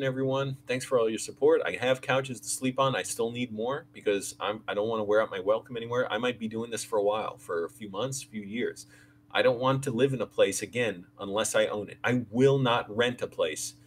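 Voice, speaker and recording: A man's voice: mid-range voice, a little hiss or hum, poor audio. A man hosting his own livestream, talking casually and rambling with lots of fillers and restarts. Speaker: channel host.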